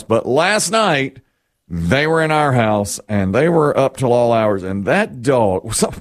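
A middle-aged man chatting casually on a talk show, rambling through a self-deprecating story about his family. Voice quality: animated, lively pitch swings. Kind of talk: casual morning-show chat.

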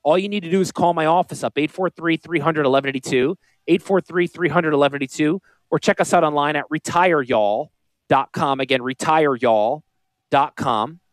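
A man's voice: a little high, normal speed, dry recording. A man with a Northern US accent hosting a casual radio talk show as a financial planner, rambling, salesy and joking.

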